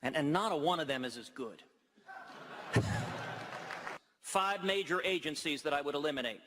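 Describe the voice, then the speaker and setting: A man's voice: on the high side, animated, quick pace, noisy background. A man giving a campaign speech in a large hall, with punchy delivery and quips. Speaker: presidential candidate. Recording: reverberant hall with crowd.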